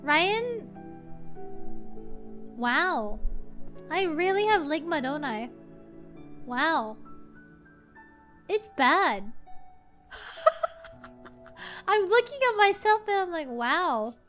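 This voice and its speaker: A woman streamer chatting casually while she plays, rambling and correcting herself, with sudden excitable outbursts. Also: very high voice, slow pace, long pauses, faint music behind. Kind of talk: casual gameplay stream chat.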